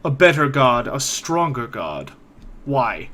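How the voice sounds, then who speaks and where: A man's voice: mid-range voice, very animated, slow, sharp tone, heavily acted. A man voicing a towering, stern interrogator who questions sharply.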